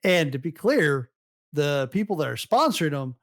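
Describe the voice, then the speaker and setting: A man co-hosting a podcast, chatting casually and throwing in quick jokes. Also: a little high, sing-song. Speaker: podcast co-host. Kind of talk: casual chat.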